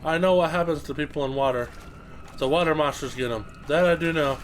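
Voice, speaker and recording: Excitable man doing let's play commentary. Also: on the high side, a little fast, soft background music. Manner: excitable, swears a lot, chatters to objects in the game. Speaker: gameplay commentator.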